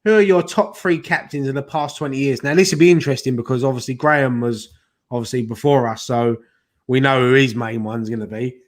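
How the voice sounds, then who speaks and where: A man's voice: medium pitch, brisk. A man hosting a fan show in jokey, casual banter, reading out viewer messages. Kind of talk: casual pub-style banter.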